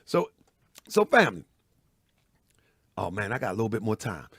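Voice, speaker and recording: A man's voice: lowish voice, huge pitch swings, moderate pace, fairly bright tone, slightly rough, no room sound, studio quality. A man hosting a live online commentary show, preaching in a repetitive way, calling his viewers family and often asking if they follow him. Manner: preachy, repeats phrases, asks "you know what I mean?". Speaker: host.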